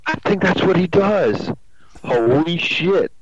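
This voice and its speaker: A man's voice: high-pitched, slow, very noisy. Male co-host, giggly and profane, on a dull lo-fi remote mic. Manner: giggly, lively, swears casually. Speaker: podcast co-host. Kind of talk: casual podcast chat.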